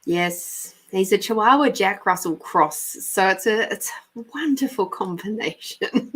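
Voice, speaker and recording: A woman's voice: medium pitch, lively intonation, unhurried, husky, low-quality recording. A woman from New Zealand with a New Zealand accent, hosting a live stream and giving intuitive card readings in a chatty, affectionate way, speaking to viewers by name.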